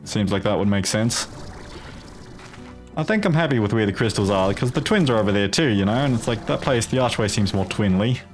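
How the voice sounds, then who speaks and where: A man's voice: lowish voice, expressive, a little fast, soft background music. A man hosting a gameplay video in a put-on Australian accent, rambling with profane, jokey asides. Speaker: gaming video host. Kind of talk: casual gameplay commentary.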